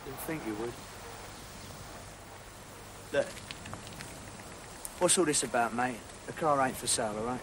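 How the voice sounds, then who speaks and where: An actor playing a brash, cocky builder, speaking in a television drama. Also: male voice, mid-range voice, measured pace, pauses often, natural voice. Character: brash cocky London builder, man, adult. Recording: TV audio with clear background noise.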